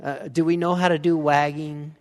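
Male pastor, slightly higher-pitched voice, chatty sermon delivery, long church reverb. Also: flat delivery, normal speed, a little mellow. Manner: conversational, asks the congregation questions. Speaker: preacher. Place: church sanctuary.

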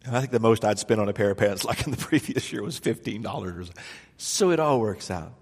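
Preacher in a church, with a hall echo. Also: male voice, lowish voice, a little fast, slightly rough. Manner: conversational, self-deprecating storytelling with rhetorical questions. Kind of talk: sermon. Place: church sanctuary.

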